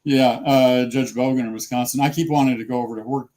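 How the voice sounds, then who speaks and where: A male lawyer chatting casually on a livestream, halting and self-deprecating as he jokes. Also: mid-range voice, steady tone, mellow.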